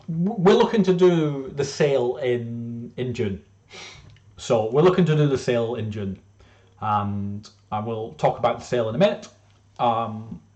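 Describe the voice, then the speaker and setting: A man's voice: medium pitch, a little mellow, lo-fi sound. A man presenting his own game casually, rambling with lots of fillers and restarts.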